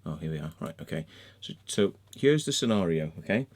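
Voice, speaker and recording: A vlogger and crop circle maker with a low, lively, slightly mellow voice talks a little fast in a ranting screen-share vlog. He mutters while searching his screen, then launches into an angry tirade, swearing constantly and repeating himself.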